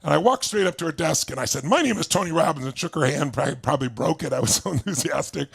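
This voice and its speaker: Enthusiastic motivational speaker guy, gravelly voice, does little voices for people in his story. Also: fairly high pitch, animated, fast talker, fairly bright tone. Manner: enthusiastic, acts out voices in anecdotes. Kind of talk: personal storytelling talk.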